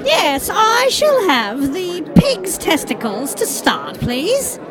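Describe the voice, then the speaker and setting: A man's voice: very high voice, wildly swooping pitch, slow, over music, exaggerated voice. A man voicing a crude wife putting on posh airs at a fancy restaurant. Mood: mock-posh.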